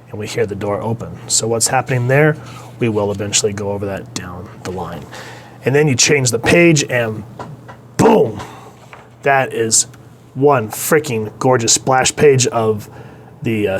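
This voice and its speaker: Enthusiastic rambling comic reviewer. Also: male voice, fairly low pitch, a little hiss or hum. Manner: enthusiastic, rambling commentary with fillers. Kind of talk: casual review vlog.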